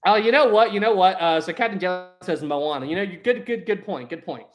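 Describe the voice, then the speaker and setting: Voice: medium pitch, lively intonation, a little fast, faint music behind. A livestream host chatting casually, reading chat aloud, laughing often and trailing off while hunting for words. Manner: hesitant, lots of fillers while searching for words. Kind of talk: casual live stream chat.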